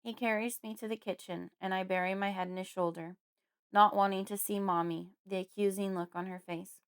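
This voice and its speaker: A woman giving measured first-person narration of a horror audiobook. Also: medium pitch, steady tone, clear, resonant tone. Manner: measured, storytelling.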